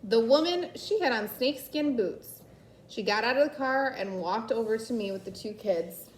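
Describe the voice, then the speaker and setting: Female reader, storybook narration, steady and unhurried, roomy echoey recording. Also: on the high side, slight background noise. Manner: unhurried reading with slips and self-corrections. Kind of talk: reading a children's novel aloud. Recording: echoey room.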